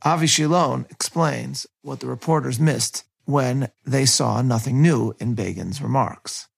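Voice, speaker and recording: Gravelly, husky male history narrator. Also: mid-range voice. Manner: measured, reads quotations aloud. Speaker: history lecturer.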